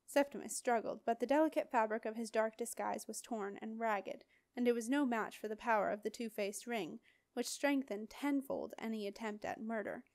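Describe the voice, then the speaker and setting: Audiobook narrator, woman, steady expressive read, fairly high voice, dry booth sound. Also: moderate pace, no echo. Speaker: audiobook reader. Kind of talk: scripted narration.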